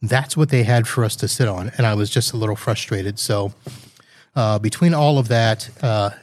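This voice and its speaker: A man's voice: lowish voice, moderate pace, dry recording. A man hosting a podcast, telling a rambling, mildly exasperated anecdote in a casual monologue, with quoted asides. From Florida. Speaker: podcast host.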